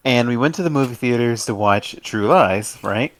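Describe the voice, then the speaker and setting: A man's voice: medium pitch, moderate pace. A man in his thirties telling a rambling childhood story in casual chat. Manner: rambling, laughs through the punchlines.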